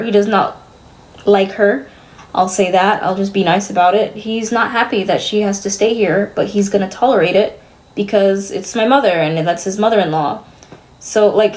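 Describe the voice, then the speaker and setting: A woman's voice: mid-range voice, a little mellow. A young woman streamer venting to her chat, exasperated and swearing as she rambles.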